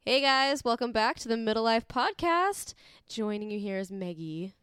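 A woman's voice: a little high, animated, normal speed, background noise. A woman co-hosting a casual podcast, giggly and self-deprecating. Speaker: podcast co-host.

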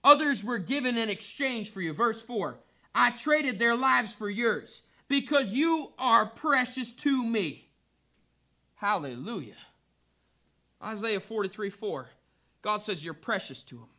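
Bright high-voiced preaching man. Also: expressive, measured pace. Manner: fervent preaching, rising emphatic repetition. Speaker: pastor. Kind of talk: sermon.

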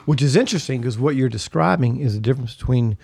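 A man in a casual conversation who explains ideas in a careful, measured way. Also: medium pitch, expressive, creaky, darkish tone, husky, no room sound. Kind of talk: casual chat.

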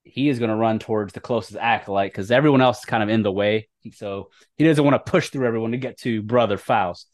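Man, game master, tabletop narration, brisk rules talk. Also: fairly low pitch.

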